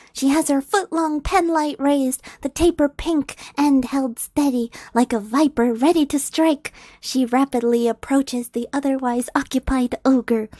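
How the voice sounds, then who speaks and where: A young woman streamer reading a fan story aloud, softly and often whispered, with giggly asides, on a close mic. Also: high-pitched, no echo.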